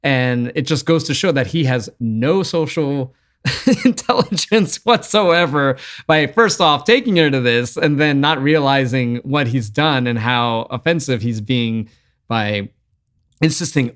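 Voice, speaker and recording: A man's voice: medium pitch, a little slow, a bit bright. A man hosting a podcast in casual film chat, agreeable and earnest as he explains a scene. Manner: agreeable, constant backchannel, earnest when explaining. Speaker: podcast host.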